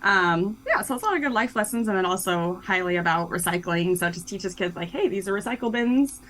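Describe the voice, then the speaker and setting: A woman's voice: on the low side, animated, fairly quick, sharp tone, slight background noise, poor audio. A young woman being interviewed about her children's book, talking casually and cheerfully with lots of "um" and "like". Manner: chatty and upbeat, many fillers like "um" and "like". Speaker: guest, children's book co-author.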